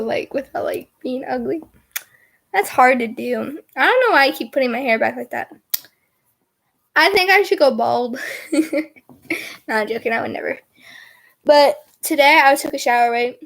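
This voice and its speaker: High-voiced giggly young woman rambling. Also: fairly bright tone. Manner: giggly, rambling, heavy use of filler words. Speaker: vlogger. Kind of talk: casual storytime chat.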